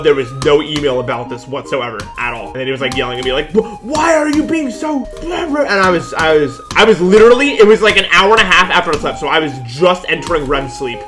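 A man's voice: mid-range voice, fairly bright tone. A young man chatting candidly and rambling while he streams a game, sometimes counting beats under his breath. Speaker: gaming streamer. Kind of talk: casual livestream chat while playing.

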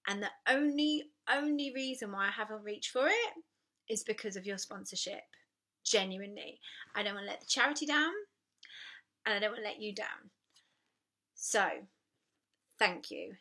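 Young adult woman, vlogger; bright, clear voice, candid, wry, loose with ums. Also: mid-range voice, moderate pace, pauses often. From United Kingdom. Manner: candid and self-mocking, with frequent ums. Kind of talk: casual personal vlog to camera.

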